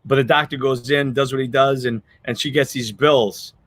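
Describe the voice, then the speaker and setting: A male podcast host tells a story in casual chat, rambling and earnest, choked up with emotion and restarting often. His medium-pitched voice moves at a moderate pace with fairly even intonation, and the recording is dry.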